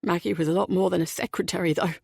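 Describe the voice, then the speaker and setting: A woman's voice: fairly low pitch, steady tone, creaky, darkish tone, husky, no echo, studio quality, pitched below the performer's own voice. A woman doing a flustered young businessman. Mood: grieving. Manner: apologetic, shaken and hurried. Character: nervous young male company director, flustered. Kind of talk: audiobook character voicing.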